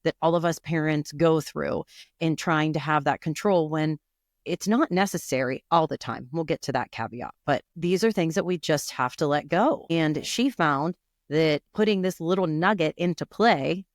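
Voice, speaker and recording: A woman's voice: low-pitched, moderate pace, no echo, studio quality. A woman in her forties co-hosting a podcast, telling a story in a casual chatty way and acting out the people in it. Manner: animated storytelling, acts out quoted voices. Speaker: podcast co-host. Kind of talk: casual chat.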